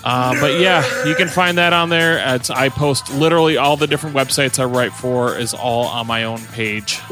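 A man co-hosting a casual podcast, talking haltingly with many fillers as he plugs his work. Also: mid-range voice, over music. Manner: hesitant, lots of fillers. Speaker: podcast co-host.

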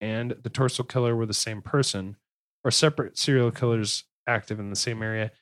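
A man's voice: fairly low pitch, steady tone, fairly quick, dry recording. A man in his thirties or forties hosting a casual true-crime podcast, reading case notes and riffing with crude jokes. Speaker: podcast host.

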